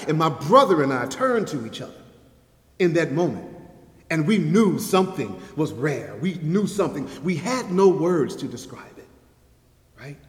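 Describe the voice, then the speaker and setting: Male guest preacher, somewhat high voice, rhythmic poet's delivery, roomy echoing sanctuary sound. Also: big pitch swings, moderate pace. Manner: rhythmic, playful delivery, leads the congregation in call-and-response. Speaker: guest speaker at a church service. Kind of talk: sermon with rhyming spoken-word poem. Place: church sanctuary. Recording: echoey hall with long reverb.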